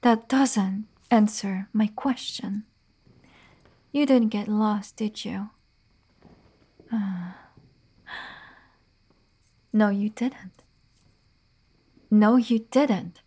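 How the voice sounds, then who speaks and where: A woman's voice: mid-range voice, steady tone, very slow, long pauses, warm tone, breathy edge, exaggerated voice. A young woman playing a defiant, haughty noblewoman with a sword in a whispered role-play. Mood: demanding. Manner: haughty, demanding.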